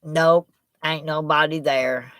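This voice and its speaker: A woman's voice: low-pitched, fairly even intonation, slow pace, fairly bright tone. A woman chats folksily into her laptop mic on a live stream. She takes her time and drifts from one thought to the next. The sound is dry and close, with no room echo. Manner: folksy, rambling, talks to the chat. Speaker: livestream host. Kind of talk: casual live-stream chat. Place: at home with a laptop. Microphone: laptop microphone.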